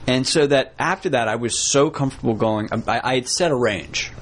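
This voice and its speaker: Enthusiastic man in a mid-pitched voice. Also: a little fast, fairly bright tone, a little hiss or hum. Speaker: podcast co-host. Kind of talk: casual roundtable chat.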